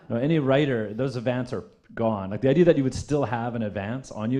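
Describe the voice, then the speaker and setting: A man, an author, on a theater stage telling a comic anecdote with lively, self-mocking humor. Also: mid-range voice, brisk. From Canada. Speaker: author on a festival panel.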